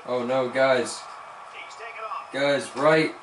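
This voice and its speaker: A man giving live commentary on his football video game, excitedly cheering on and scolding his players as he plays. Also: medium pitch, very slow, crowd noise. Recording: echoey room with background noise.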